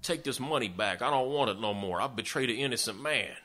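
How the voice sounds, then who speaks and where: A man's voice: medium pitch, lively intonation, a little fast, pushed and bright. A man voicing a guilt-stricken adult man who gives back a bribe, in plain everyday words, inside a sermon story. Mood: remorseful.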